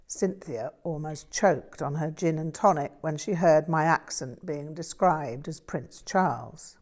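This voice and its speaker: A woman reads a memoir aloud, steady and measured in her delivery. Her voice sits lower than most women's, and she takes her time. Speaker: audiobook reader.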